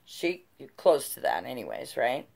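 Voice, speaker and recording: Middle-aged woman, very deep voice, slow unhurried delivery, blunt storyteller who swears. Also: huge pitch swings, creaky, a little mellow. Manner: blunt, swears freely, laughs while telling. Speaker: vlogger. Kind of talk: casual storytelling.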